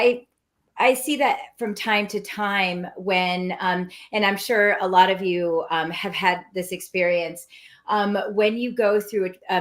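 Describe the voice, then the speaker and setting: A woman speaking hesitantly and thoughtfully in a podcast panel conversation. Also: mid-range voice. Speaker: medium.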